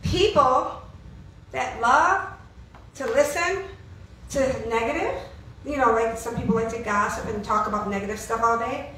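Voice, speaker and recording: A woman's voice: on the high side, a little slow, pushed and bright, a little hiss or hum. A woman preaching an informal sermon, asking the congregation questions and answering them with emphasis. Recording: echoey room, heard from far off.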